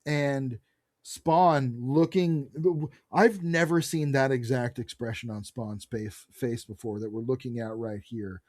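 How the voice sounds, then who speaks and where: A man co-hosting a podcast, recapping a comic book in a casual, animated way, reading characters' lines aloud and swearing freely. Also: mid-range voice, measured pace, dry recording, studio quality. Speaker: podcast co-host.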